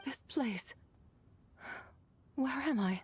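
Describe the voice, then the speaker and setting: A woman's voice: high voice, drawn-out words, breathy edge, no room sound, heavily acted. An actress playing a theatrical, grandiloquent female lunar envoy who speaks in florid, archaic phrases. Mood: bewildered.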